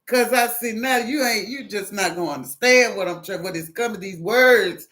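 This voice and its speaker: A woman with a Southern US accent giving a casual devotional talk, animated and preachy, acting out phone calls as she goes. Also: medium pitch, normal speed. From American South. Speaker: Christian single encouraging viewers.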